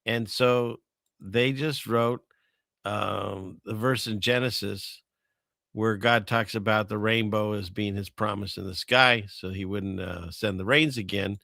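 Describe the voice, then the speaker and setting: A man's voice: on the low side, fairly even intonation, a little slow, creaky, bright, forceful tone, no echo, clean studio sound. A man hosting a casual chat show, rambling through items and chuckling at his own jokes. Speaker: podcast host.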